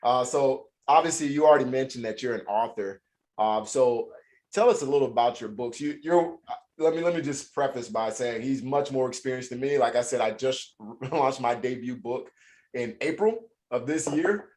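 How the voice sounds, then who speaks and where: A man's voice: medium pitch, normal speed, a little mellow. A man from Louisiana hosting a casual interview, friendly and rambling with frequent restarts. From Louisiana, United States. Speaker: host.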